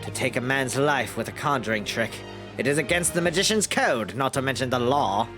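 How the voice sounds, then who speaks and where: A man's voice: mid-range voice, animated, a little fast, over music, voice pushed down, natural voice. A man voicing a fussy, affected male magician sitting as a juror, prim in his delivery.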